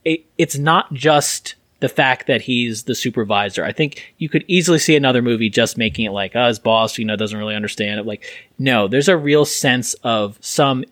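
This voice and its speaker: A man's voice: mid-range voice, fairly bright tone, no room sound. Podcast co-host, man, eager and rambling, close dry mic. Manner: enthusiastic, rambling, many restarts. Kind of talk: casual film podcast discussion.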